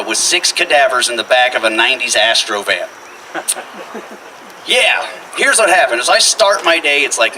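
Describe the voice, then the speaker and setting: Guy doing stand-up storytelling, bright punchy voice, kinda far off mic, bit of room noise. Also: mid-range voice. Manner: animated, swings into loud quoted voices. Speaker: stand-up comedian. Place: house living room show. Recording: distant mic, noisy room.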